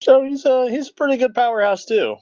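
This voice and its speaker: A man co-hosting a casual anime podcast, chatting in a relaxed, agreeable way. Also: extremely high pitch, fairly quick, a little hiss or hum. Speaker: podcast co-host. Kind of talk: casual chat. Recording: dull lo-fi audio.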